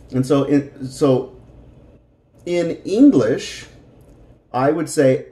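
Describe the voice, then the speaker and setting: A man's voice: mid-range voice, warm tone, roomy sound. A middle-aged man teaching a Spanish lesson, patiently explaining grammar and repeating words for practice.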